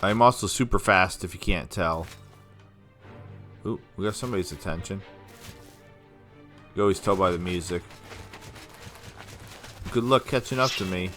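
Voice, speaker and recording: A man with a somewhat low voice rambles through casual let's-play commentary, talking to himself and laughing often. Faint game music plays underneath. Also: moderate pace, pauses often, a bit bright. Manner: chatty, rambling self-talk with frequent laughs. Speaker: gameplay commentator.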